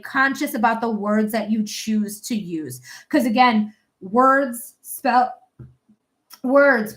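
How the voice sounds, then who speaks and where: A woman's voice: a little high, fairly bright tone. A young woman giving a live psychic reading in a chatty, blunt way, swearing casually. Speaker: psychic reader.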